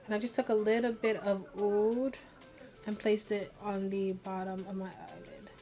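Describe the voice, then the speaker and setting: A young female beauty vlogger chats through a get-ready-with-me makeup tutorial in a mid-range, dark-toned voice that stays level at normal speed. She rambles, says "like" constantly, and laughs at herself, with soft music playing behind her.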